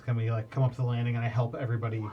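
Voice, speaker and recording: A man's voice: mid-range voice, little pitch movement, very fast, muffled recording, a little hiss or hum. A man playing a tabletop game, talking casually and restarting his sentences as he describes his character's actions. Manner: rambling, restarts often. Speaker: player.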